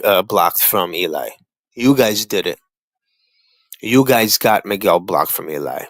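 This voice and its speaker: On the lower side, this man's voice comes through a rough recording with no room sound. As a livestream panel guest, he rants heatedly, swearing, confronting others, and hammering the same points again and again.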